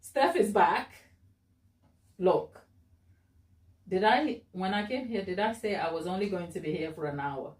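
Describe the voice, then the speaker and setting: A woman hosting a baking live stream, chatting warmly and encouragingly with her viewers and laughing often. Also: fairly low pitch, a little slow, long pauses. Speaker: cake baking channel host.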